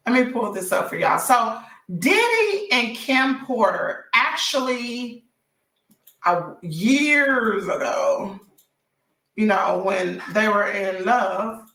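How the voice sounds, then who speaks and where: A woman with a hoarse, bright, sharp-edged voice chats casually through a gossip livestream, calling out to her viewers as she goes. She sits a little back from the mic. The room around her rings with echo. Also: on the high side, recorded from a distance. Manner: chatty, addresses viewers directly as y'all. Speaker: celebrity gossip livestream host.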